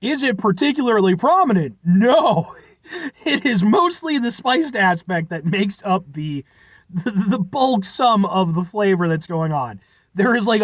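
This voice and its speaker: A man's voice: sits high, dry recording, muffled recording. A man casually reviewing a drink, rambling with lots of fillers and self-deprecating asides. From United States. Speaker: food reviewer. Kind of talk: casual chat.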